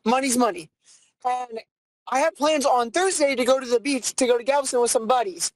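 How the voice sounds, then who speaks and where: A young adult podcast host, telling a story in a profane, ranting, animated way. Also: sits high, brisk, dry recording, poor audio. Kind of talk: casual comedic storytelling.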